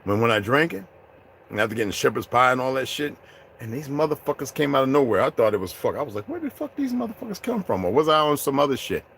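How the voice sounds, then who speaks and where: A man ranting to his viewers in an unscripted, confrontational, profane way, dropping to low mutters and rising to loud outbursts. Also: fast, creaky, a little hiss or hum. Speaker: vlogger addressing his viewers. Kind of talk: unscripted rant to camera.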